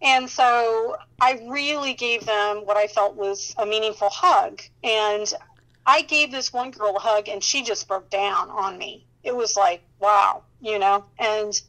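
A woman telling a faith testimony in a casual, animated way, often laughing and acting out what people said. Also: mid-range voice, a little slow, poor audio. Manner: animated storyteller who laughs often and acts out dialogue. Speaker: Christian counselor sharing her testimony.

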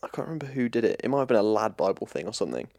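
A man's voice: on the low side, very animated, rapid-fire, a little mellow, no room sound, studio quality. A young man with a Leicester accent, co-hosting a podcast in laid-back, playful chat. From England. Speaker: podcast co-host. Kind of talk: casual chat.

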